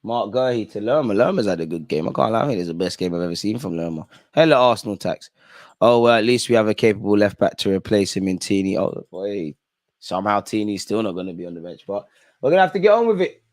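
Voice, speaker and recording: A man's voice: lowish voice, lively intonation, fast. A young man hosting a live football watch-along, reacting to the match in an exasperated way and talking straight at the players and the referee.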